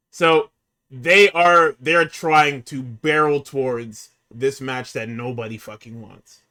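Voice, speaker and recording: A man hosting a casual podcast, recapping a show in an exasperated, profane and animated way. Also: mid-range voice, takes it slowly, clean tone. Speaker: podcast host recapping wrestling.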